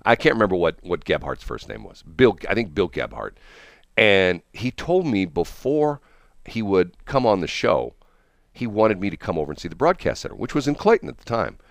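A man's voice: deep voice, sing-song, normal speed, gravelly, no echo, clean studio sound. An older man hosting a radio morning show, telling rambling stories and chuckling often. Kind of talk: casual on-air chat. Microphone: studio broadcast mic.

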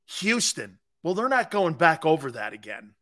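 Animated high-pitched sports talk host. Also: male voice, normal speed. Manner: animated, emphatic, argumentative with chuckles. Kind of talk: opinionated sports radio talk.

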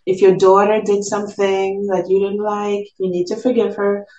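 A woman's voice: medium pitch, level tone, moderate pace, mellow, highs cut off, a little hiss or hum. Woman telling her faith story on a show, earnest, voices the people she quotes, kinda echoey room. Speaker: guest. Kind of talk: personal testimony in an interview.

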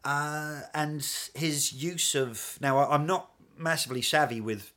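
A man's voice: fairly high pitch, unhurried. Chatty man telling stories. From England. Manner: animated, chatty storyteller with frequent laughs. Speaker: guest. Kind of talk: casual storytelling chat.

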